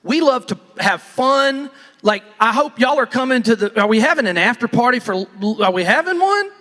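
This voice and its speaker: A man's voice: very high-pitched, normal speed, sharp tone. A man, giving a folksy, rambling motivational talk on stage and often restarting his sentences. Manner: folksy, rambling, self-interrupting. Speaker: real estate team leader speaking on stage. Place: large conference hall. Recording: long reverb of a large hall.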